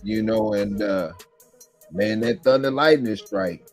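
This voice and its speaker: A man's voice: fairly low pitch, takes it slowly, a little mellow. Laid-back slangy man, faint music. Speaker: podcast co-host. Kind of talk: casual storytelling chat. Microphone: livestream mic.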